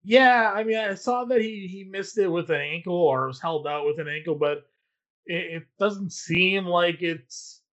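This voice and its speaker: A man's voice: sits high, a bit bright. Man on a dull, lo-fi line. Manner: measured, filler-heavy reasoning. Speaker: sports betting podcast co-host. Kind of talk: casual sports betting chat.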